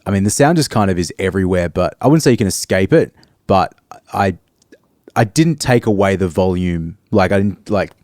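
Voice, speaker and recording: A man in his thirties with an Australian accent, co-hosting a casual podcast chat in a reserved, halting way with many ums. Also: low voice, expressive, darkish tone, no room sound, clean studio sound. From Perth, Australia. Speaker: podcast co-host.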